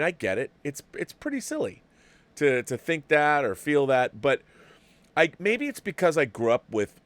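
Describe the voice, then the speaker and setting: A man's voice: medium pitch, fairly bright tone. A middle-aged man hosting a movie talk show, chatting casually and rambling with frequent restarts as he reads viewer messages. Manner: rambling, restarts with repeated words. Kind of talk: casual livestream commentary, reading viewer chats.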